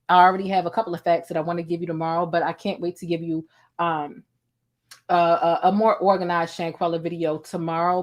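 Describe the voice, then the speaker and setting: A woman from Baltimore with a Baltimore accent, chatting casually to camera as a vlogger and talking to her cat now and then. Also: on the low side. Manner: chatty, talks to her cat between remarks. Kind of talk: casual commentary vlog.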